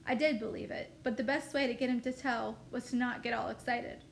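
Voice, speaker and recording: High-voiced woman reading a novel aloud. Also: brisk, gravelly, a little hiss or hum. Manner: steady first-person storytelling. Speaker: teacher.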